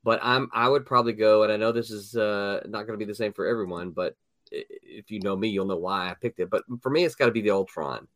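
A man's voice: lowish voice, quick pace, fairly bright tone, dry recording, studio quality. A man hosting a casual podcast chat, talking with frequent hesitations and restarts. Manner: hesitant, lots of restarts and laughter. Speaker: podcast host.

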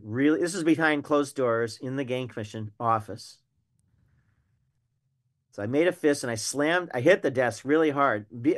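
Older man, a mid-pitched, animated guest storyteller. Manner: animated anecdotal storyteller, emphatic. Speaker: retired wildlife biologist guest. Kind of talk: storytelling in a podcast interview.

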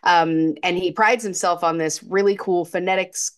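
A woman's voice: on the low side, fairly even intonation, normal speed. A woman chatting casually on a podcast about a classic film. She rambles with fillers and restarts and laughs often. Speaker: podcast co-host.

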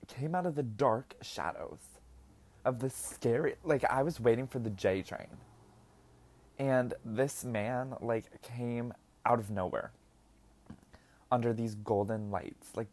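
Animated, chatty young man telling stories. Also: lowish voice. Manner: chatty, laughs a lot, fills speech with 'like'. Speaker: podcast host. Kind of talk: casual storytelling monologue. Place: indoors, eating while recording.

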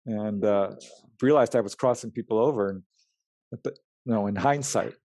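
A man's voice: on the low side, normal speed, no echo. A man, a researcher and writer, telling his experiences in an interview, acting out the dialogue with laughs. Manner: animated, acts out quoted dialogue with laughs. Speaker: guest, UFO researcher and writer. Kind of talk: storytelling in an interview.

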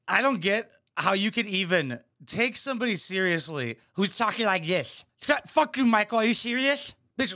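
A man's voice: high voice, sharp tone. A man hosting a reaction video, tossing out crude, sarcastic, mocking commentary.

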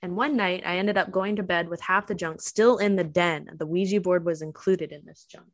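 A woman's voice: on the low side, fairly even intonation, moderate pace, dry recording. A young woman streaming, chatting casually and telling a story, swearing and laughing often. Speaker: livestreamer telling stories to chat.

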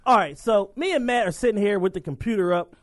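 A man's voice: sits high, lively intonation, fast. A man co-hosting a podcast, laid-back and tossing in joking asides. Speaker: podcast co-host. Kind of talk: casual chat.

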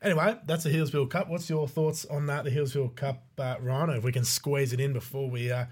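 A man's voice: mid-range voice, steady tone, fast, a little mellow. A man with an Australian accent hosting a racing podcast, jokey and steering the chat between segments. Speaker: podcast host.

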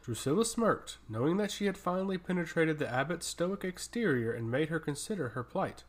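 A man narrating a fantasy story in a steady, even storytelling way. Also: fairly high pitch, fairly quick, hardly any pauses. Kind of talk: scripted fantasy audiobook narration.

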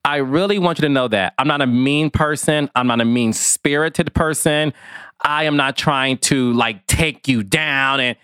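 Middle-aged guy dishing on reality tv, smooth clear voice, dead dry recording, chatty and sassy. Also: mid-range voice, a little slow, no echo. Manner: chatty and expressive, with sassy asides. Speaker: commentator, former field producer. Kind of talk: casual reality-TV commentary to camera.

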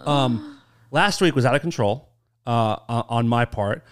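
Playful animated podcast co-host. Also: mid-range voice, unhurried, clean tone. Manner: playful, animated, swears casually. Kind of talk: casual chat.

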